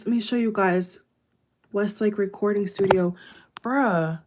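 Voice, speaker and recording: A woman's voice: medium pitch, unhurried, darkish tone. A woman chatting casually to her viewers on a live stream at home at night, effusive and full of fillers, talking into wireless earbuds. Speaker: YouTuber doing a live reaction.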